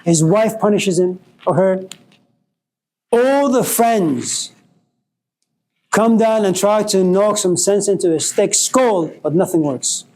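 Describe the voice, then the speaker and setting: A man's voice: sits high, slow pace, darkish tone, poor audio. A man giving a storytelling lecture in a wry, dramatic way.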